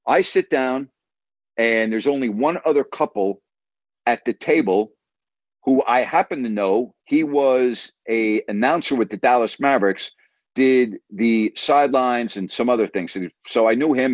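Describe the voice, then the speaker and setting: A man's voice: mid-range voice, unhurried, no echo, muffled recording. Man from New York telling sports stories. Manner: animated anecdote teller, acts out quotes. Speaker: TV sports announcer. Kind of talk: casual storytelling chat.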